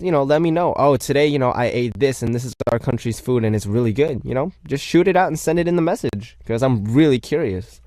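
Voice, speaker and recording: A man's voice: medium pitch, a little mellow, no echo, studio quality. A young man hosting a radio show, reading out listener messages in a playful, chatty way and joking about himself.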